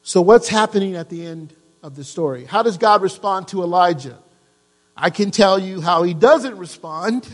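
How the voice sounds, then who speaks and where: A man's voice: sits high, lively intonation, moderate pace. Man, pastor, sermon, asks the congregation questions, long reverb, faint hum. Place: church.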